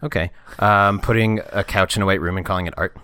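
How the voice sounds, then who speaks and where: A man's voice: sits low, steady tone, fast talker, bright, forceful tone, clean tone, dry recording. A man co-hosting a podcast, sarcastic and blunt, swearing freely as he rates quotes. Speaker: podcast co-host. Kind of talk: casual comedic chat.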